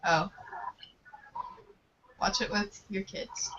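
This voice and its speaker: A woman's voice: mid-range voice, steady tone, very slow, a bit bright. A young woman chatting casually, giggly, telling stories with lots of "I was like". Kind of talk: casual chat. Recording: dull lo-fi call audio.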